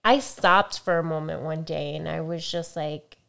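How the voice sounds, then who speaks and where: A woman in her thirties co-hosting a casual faith-based podcast, earnest and reflective, sometimes soft-spoken. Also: low-pitched, fairly even intonation, a little slow, creaky, smooth. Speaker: podcast co-host.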